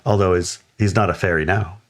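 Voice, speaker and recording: A man in casual conversation, telling a story in an animated way and acting out quoted lines. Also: deep voice, a little fast. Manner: animated, acts out quotes in raised voices, laughs often.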